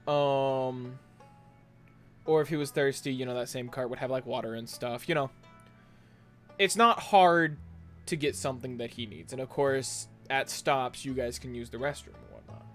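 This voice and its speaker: A man narrating as game master of a tabletop role-playing game, relaxed and rambling with fillers. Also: medium pitch, moderate pace, faint music behind.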